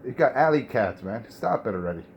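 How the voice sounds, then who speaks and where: A man trash-talks a rival over a CB radio, lecturing him in a mocking, repetitive way. His voice sits at an average pitch, with faint hiss behind it. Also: very animated, a little fast. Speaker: CB radio operator. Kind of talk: trash-talking radio banter.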